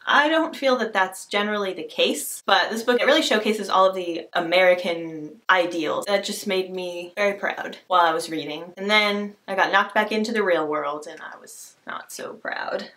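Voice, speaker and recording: A woman's voice: mid-range voice, normal speed, hardly any pauses, fairly bright tone. A woman vlogging a casual book tag into her camera, gushing and self-deprecating as she talks about her favorite reads. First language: not Scottish, cannot do the accent.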